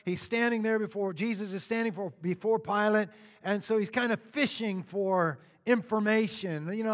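Guy preaching, high voice, going verse by verse w/ chatty asides, big hall echo. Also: moderate pace, fairly bright tone. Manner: teaching verse by verse, conversational asides. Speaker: pastor. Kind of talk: sermon.

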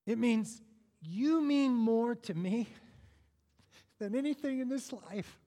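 Man, preacher, sermon, high voice, animated, joking asides, long hall echo. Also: slow pace.

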